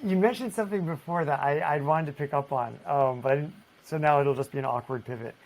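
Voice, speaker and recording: A man's voice: on the high side, fast talker, low-quality recording. A man co-hosting a podcast, asking the guest questions in a casual, self-deprecating way. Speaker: podcast co-host. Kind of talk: casual interview talk.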